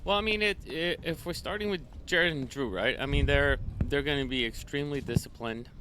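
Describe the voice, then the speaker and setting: A man's voice: on the high side, fairly quick. Male player with noise behind. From Sweden. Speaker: guest player.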